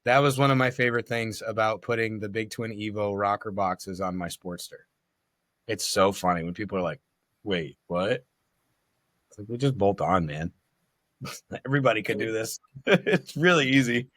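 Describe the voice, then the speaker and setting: A man in casual conversation on a motorcycle podcast, relaxed and swearing freely. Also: lowish voice, normal speed, no echo, clean studio sound. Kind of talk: casual chat.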